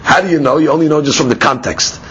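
A man's voice: fairly high pitch, fast talker, a bit bright, husky, muffled recording. A man giving a daily Talmud lecture, explaining each step by asking and answering his own questions. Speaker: Talmud teacher.

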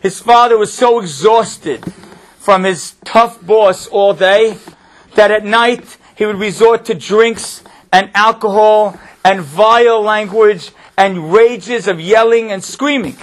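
A man's voice: high-pitched, slow pace. A man who works at a school, giving an inspirational religious talk and repeating key phrases for emphasis.

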